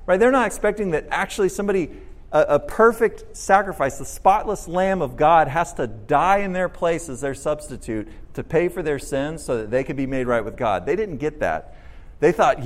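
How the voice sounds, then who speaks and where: A man's voice: on the high side, moderate pace. A man preaching a sermon, asking his listeners questions and acting out the lines he quotes. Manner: animated preaching, asks the audience questions, acts out quotes. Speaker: pastor.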